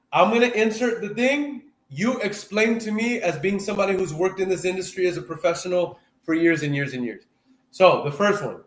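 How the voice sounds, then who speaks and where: A man with a fairly high voice coaches on a live video call, animated and fond of repeating himself for emphasis. His voice rings around an echoey room. The call has a loose, casual chat feel. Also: brisk. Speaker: host and sales coach.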